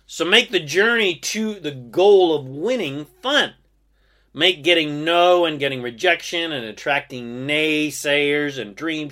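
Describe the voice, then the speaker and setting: Bright-voiced motivational man, emphatic. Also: fairly high pitch. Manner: emphatic, exhorting, occasionally profane. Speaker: podcast host and success coach. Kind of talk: motivational podcast monologue.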